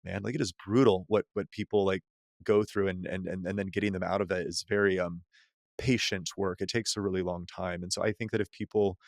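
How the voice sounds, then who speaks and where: A man, a psychotherapist, talking loosely in a podcast conversation, full of "like" and restarts and quick to laugh. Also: low voice, fairly even intonation, vocal fry, no room sound, clean studio sound. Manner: loose and rambling, heavy use of "like" and restarts, laughs easily. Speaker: psychotherapist guest.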